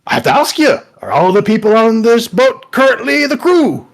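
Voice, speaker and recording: A man's voice: extremely high pitch, sing-song, normal speed, voice pushed up, full character voice. A man voicing a cheerful, chatty talking magic ship with a bubbly, exclamatory way of speaking. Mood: excited.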